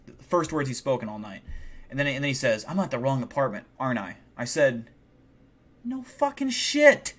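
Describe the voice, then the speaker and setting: Profane, excitable male streamer. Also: medium pitch, fast talker. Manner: profanity-heavy, animated retelling. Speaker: livestream host. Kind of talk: casual storytelling on a live stream.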